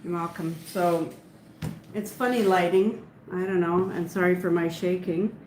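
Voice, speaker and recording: A woman's voice: fairly low pitch, fairly even intonation, unhurried, darkish tone. A woman hosting a casual live chat, rambling and giggly, in an empty theater. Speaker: host. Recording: echoey room with faint noise.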